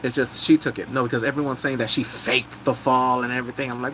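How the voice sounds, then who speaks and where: A man's voice: medium pitch, fairly even intonation, fast, hardly any pauses, a bit bright, a little hiss or hum, poor audio. A man live-streaming a casual drama recap, chatting loosely, thanking viewers as he goes and breaking into big squealing reactions.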